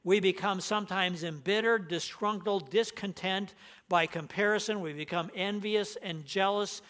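Male pastor, high-pitched, emphatic sermon delivery. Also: normal speed, fairly bright tone. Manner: earnest, emphatic, stresses key words.

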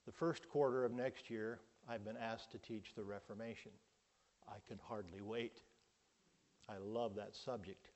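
A middle-aged man preaching a sermon, slow and emphatic, with sudden loud rises for emphasis. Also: lowish voice, fairly even intonation. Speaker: pastor.

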